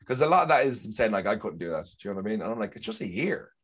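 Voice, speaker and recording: Racing and husky, this lowish voice swings widely in pitch. He's a young Irishman guesting in casual conversation, a chatty storyteller who wanders and performs the quotes.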